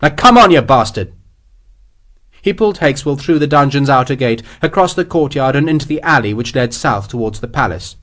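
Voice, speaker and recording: A man reading an audiobook in steady, measured scripted narration. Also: medium pitch.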